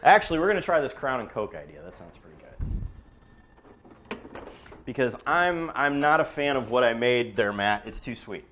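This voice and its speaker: A man's voice: medium pitch, big pitch swings, moderate pace, pauses often, a bit bright, a little hiss or hum. A man hosting a loose, joking whiskey-tasting podcast, often restarting his sentences. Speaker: podcast host. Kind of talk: casual chat.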